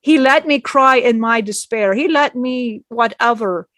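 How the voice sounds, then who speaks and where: A woman's voice: on the high side, unhurried, fairly bright tone, dry recording. A woman channeling a spirit, telling an emotional personal story in a rambling way, often acting out what others said and laughing.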